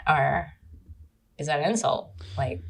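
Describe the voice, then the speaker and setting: Her voice sits low, unhurried and marked by vocal fry. A young woman from California appears as a podcast guest, chatting casually and animatedly recounting a dating story full of swearing and acted-out quotes.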